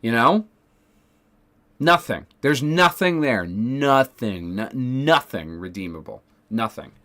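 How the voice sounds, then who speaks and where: A man's voice: medium pitch, animated, slow, fairly bright tone. A man streaming casually, ranting sarcastically with lots of swearing, fillers and restarts. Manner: profane, sarcastic, rambling with many fillers.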